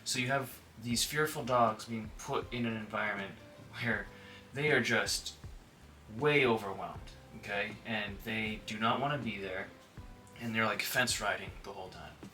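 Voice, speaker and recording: A man's voice: lowish voice, moderate pace, bright, forceful tone, distant mic, soft background music. A man who works as a dog trainer, talking casually to the camera with lots of filler words and now and then acting out what dogs and owners might say. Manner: conversational, frequent filler words, acts out quoted dogs and owners.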